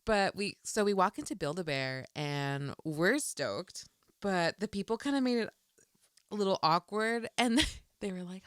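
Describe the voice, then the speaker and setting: Smooth-voiced young woman telling stories. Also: fairly low pitch, normal speed, no echo, studio quality. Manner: chatty storyteller, swears casually. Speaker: podcast co-host. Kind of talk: casual chat.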